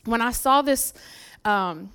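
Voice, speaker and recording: A woman preaching a conversational sermon in church, telling stories from her life with lively asides to the congregation. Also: on the high side, slow, clean tone. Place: church sanctuary.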